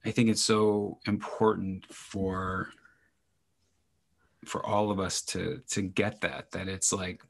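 A man hosting a relaxed interview, his voice very deep with a gravelly, husky edge. He rambles through his thoughts with plenty of fillers and stays encouraging toward his guest. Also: slow. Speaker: podcast host. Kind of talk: casual interview chat.

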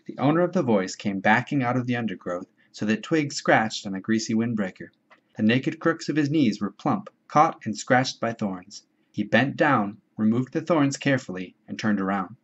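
A man reading a novel aloud in a measured, steady storytelling voice. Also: on the low side. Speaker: audiobook reader. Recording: dull lo-fi home recording.

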